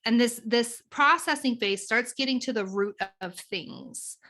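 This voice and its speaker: A woman guest explaining a tapping method in a conversational, teaching way, animated and acting out examples as she goes. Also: fairly high pitch, unhurried. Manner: animated, acts out examples of inner talk.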